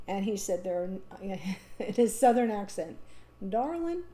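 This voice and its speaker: A woman's voice: mid-range voice, measured pace, dark tone. A woman reading tarot cards aloud in an unscripted monologue. She speaks in a thoughtful, reassuring way and thinks aloud with ums and restarts. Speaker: tarot reader.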